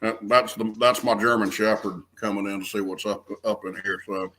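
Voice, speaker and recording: Bright-voiced man in his fifties. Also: on the low side, steady tone, normal speed, rough recording. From American South. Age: 50s. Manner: earnest, restarts phrases often, stresses key words. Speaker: guest. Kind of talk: conversational interview.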